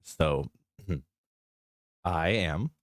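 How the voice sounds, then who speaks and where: A young man streams as a vtuber with an extremely low, animated voice, stretching his words out, with no room sound. He chats in a casual, playful way and giggles easily, often cracking up. He gives a mock-grand, playful introduction of himself.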